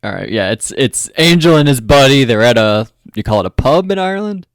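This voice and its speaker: A man co-hosting a film podcast, talking casually and haltingly, often repeating words. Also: medium pitch, expressive, smooth, no room sound. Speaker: podcast co-host. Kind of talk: casual chat.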